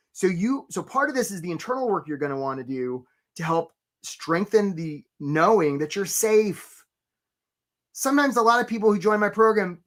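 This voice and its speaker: Animated man hosting a career webinar. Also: sits high. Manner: animated, acts out quoted voices, greets attendees by name. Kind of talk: energetic live webinar talk.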